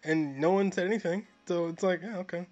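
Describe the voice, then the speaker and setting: A man co-hosting a film review podcast, chatting casually in a dry, deadpan, long-winded way. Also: sits high, brisk. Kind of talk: casual chat. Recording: dull lo-fi audio.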